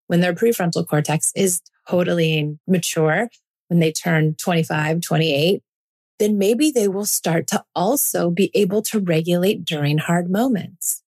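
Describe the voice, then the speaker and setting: A woman in her forties hosts a parenting podcast in an earnest, reassuring tone. Her voice sits a little low. She talks like a coach speaking to one listener. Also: a little mellow, slightly rough. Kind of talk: reflective podcast monologue.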